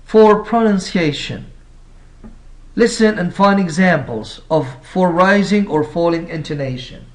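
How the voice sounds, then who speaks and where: A male English teacher with as his gives a recorded lesson. He explains slowly, rephrases his points and asks the class rhetorical questions. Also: high-pitched.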